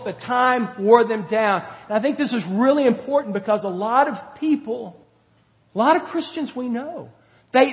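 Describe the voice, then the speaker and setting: High-voiced preacher in a reverberant hall. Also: male voice. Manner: earnest, conversational preaching with acted-out quotes. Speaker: pastor. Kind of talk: sermon. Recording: dull lo-fi sound with long hall reverb.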